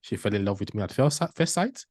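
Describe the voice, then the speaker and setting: A man, giving a motivational storytelling talk as a panel speaker, animated and laughing often as he acts out dialogue. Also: fairly low pitch, fairly quick, husky, no echo.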